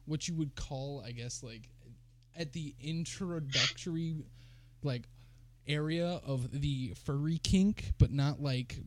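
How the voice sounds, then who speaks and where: A man's voice: medium pitch, darkish tone, dry recording. A man co-hosting a casual podcast, teasing his friends and laughing often. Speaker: podcast co-host. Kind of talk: casual chat.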